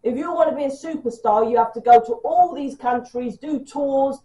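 Fast-talking British woman tarot reader. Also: high voice, mellow. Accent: British English. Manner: fast, chatty, swears freely. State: coughing, sore throat. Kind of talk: casual tarot reading. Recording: echoey room, mic at a distance.

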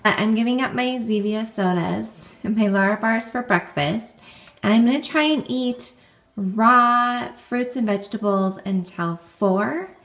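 A woman's voice: fairly high pitch, unhurried, fairly bright tone. A young woman filming a family vlog, chatting casually and upbeat, with plenty of "like" and "um". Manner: chatty and upbeat, often saying "like" and "um". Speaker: family vlogger.

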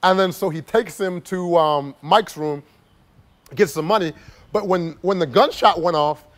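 A man's voice: sits high, a little slow. A man casually telling a personal story to camera as a travel vlogger, rambling and filling his talk with "like". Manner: rambling, heavy use of "like", laughs while telling.

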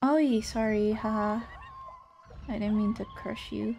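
A woman VTuber streaming a game, reacting in excitable, panicky bursts with repeated shouts and frequent swearing. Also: medium pitch, slow pace, gravelly, a little hiss or hum. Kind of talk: casual live gameplay commentary.

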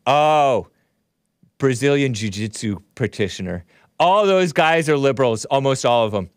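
A man hosting a loose, rambling livestream show, chuckling often as he reads chat and talks to callers. His voice sits at an ordinary middle pitch. It is recorded close and dry, with no room sound. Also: lively intonation, normal speed, smooth, no room sound. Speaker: host. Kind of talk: casual livestream commentary.

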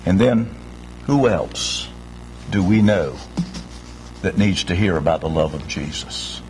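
A man's voice: low voice, measured pace, darkish tone, a little hiss or hum, rough recording. A male pastor preaching an Easter sermon, telling a story with big swings in his voice. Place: church sanctuary.

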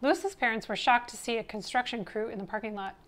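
Female storyteller, children's read-aloud, higher voice, expressive. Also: brisk. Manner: expressive, steady narration.

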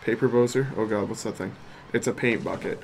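A man's voice: fairly low pitch, brisk, vocal fry, a little hiss or hum. A man casually thinking aloud and joking while playing a video game. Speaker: let's play host. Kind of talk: casual gameplay commentary.

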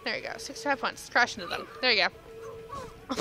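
Young woman let's player, high bright voice, self-mocking and teasing, faint game music. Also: very animated, normal speed.

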